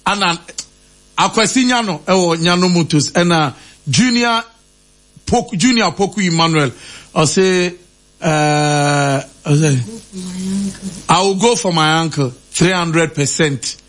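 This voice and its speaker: Male radio host, high voice, casual chat, reads out listener comments and laughs a lot. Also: unhurried, long pauses, fairly bright tone. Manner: reads out names and quotes, laughing often.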